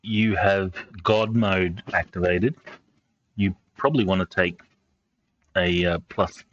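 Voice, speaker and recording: A man acting as game master over voice chat, pausing often with ums and uhs as he calls for rolls. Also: sits low, a bit bright. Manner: halting, with many ums and uhs. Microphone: online call mic. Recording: dull lo-fi mic with faint noise.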